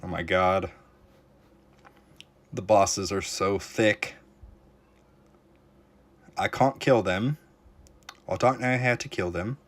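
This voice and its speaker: Young male game streamer, lowish voice, casual reactive commentary to chat. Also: a bit bright. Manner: reactive, talks to chat while playing, frequent exclamations. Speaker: streamer playing a tower defense game.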